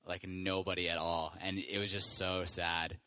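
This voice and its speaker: A man on a podcast recalling his old band in relaxed, rambling casual chat. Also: sits low, normal speed. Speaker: podcast host, former band musician.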